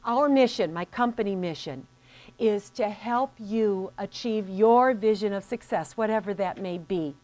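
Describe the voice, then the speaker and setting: A woman's voice: mid-range voice, a little slow, a little mellow. A woman business coach giving a scripted motivational lesson, speaking earnestly and directly to the listener.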